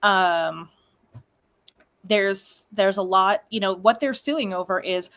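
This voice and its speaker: A young woman hosts a relaxed conversation in a mid-range voice. She talks in quick, chatty runs with plenty of laughs and asides. The tone is casual, like talking with a friend. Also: medium pitch. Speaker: host. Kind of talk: casual chat.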